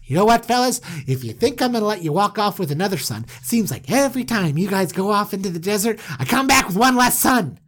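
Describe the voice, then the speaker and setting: A man voicing an exasperated old father who scolds his sons with loud, indignant outrage. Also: expressive, quick pace, few pauses. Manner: loud, raised-pitch indignation.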